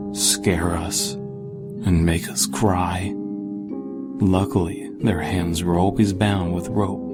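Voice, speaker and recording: A man reading horror stories aloud in a dry, sardonic scripted narration. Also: low-pitched. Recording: music playing behind.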